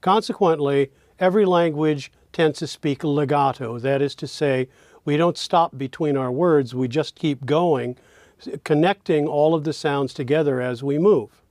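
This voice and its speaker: Slow, deliberate male teacher, dry sound. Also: on the high side, darkish tone, no echo. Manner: slow, deliberate, demonstrative delivery. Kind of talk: spoken lesson on speech rhythm.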